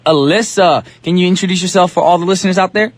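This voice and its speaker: A man's voice: sits high, fast. Upbeat slangy radio DJ man. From New Jersey. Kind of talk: casual radio chat. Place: radio studio. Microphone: studio microphone.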